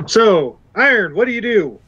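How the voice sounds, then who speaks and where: A man's voice: high-pitched, sing-song, normal speed, a bit bright. A man running a tabletop game as game master, often restarting his sentences. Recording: dull lo-fi recording.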